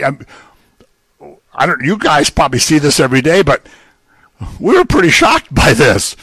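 A man's voice: on the high side, huge pitch swings, moderate pace, long pauses, a bit bright, husky, dry recording. Older male preacher, conversational, jokes between points, dry close sound. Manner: conversational, joking asides. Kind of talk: sermon.

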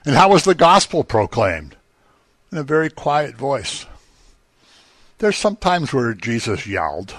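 Guy pastor giving a sermon, chatty teaching vibe, punches up key lines, mid pitch, dry close mic. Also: sing-song, unhurried, long pauses, fairly bright tone, no echo. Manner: conversational teaching, rising emphatically on key phrases.

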